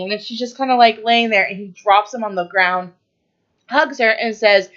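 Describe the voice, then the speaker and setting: A woman's voice: on the high side, steady tone, normal speed, fairly bright tone, highs cut off. A woman co-hosting a podcast, casually retelling a movie's plot with lots of fillers and quoted lines. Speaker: podcast co-host.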